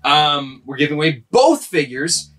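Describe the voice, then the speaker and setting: A man co-hosting a podcast in casual chat, upbeat and quick to joke. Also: on the high side, very animated, a bit bright. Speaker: podcast co-host.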